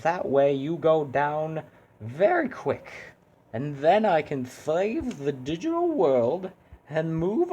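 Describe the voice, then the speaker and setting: A man's voice: fairly high pitch, warm tone, breathy edge, lo-fi sound, voice pushed up, heavily acted. A man doing a sing-song cheery grim hero. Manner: sing-song, drawn-out and chipper. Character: overly cheery yet grim male hero.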